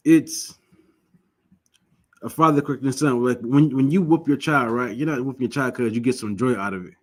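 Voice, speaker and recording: A man teaches a religious class with emphasis and plenty of repetition, often asking his listeners questions and telling lively stories. His voice is medium-pitched and brisk.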